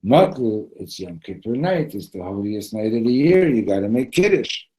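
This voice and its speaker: A man's voice: mid-range voice, sing-song, fast, creaky, warm tone, slightly rough, voice pushed up, exaggerated voice. A man voicing a pushy male worshipper nagging a sleepy friend in a told story.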